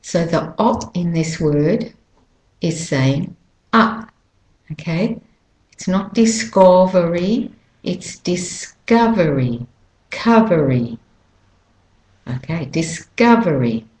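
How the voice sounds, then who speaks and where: A woman teaching English pronunciation, repeating each word slowly and stretching its stressed syllables. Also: deep voice, darkish tone. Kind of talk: slow pronunciation lesson. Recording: echoey room.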